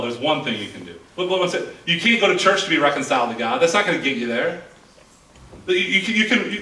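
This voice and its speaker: A man's voice: high-pitched, bright, forceful tone. A man in his thirties preaching a sermon as pastor, earnest and repeating words as he builds his points. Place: church sanctuary. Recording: echoey church hall from far off.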